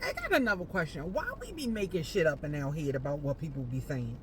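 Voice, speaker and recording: A woman entrepreneur chatting casually to camera while parked outside a post office, animated and playful, calling the viewer baby. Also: sits low, quick pace, slight background noise. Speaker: entrepreneur vlogger.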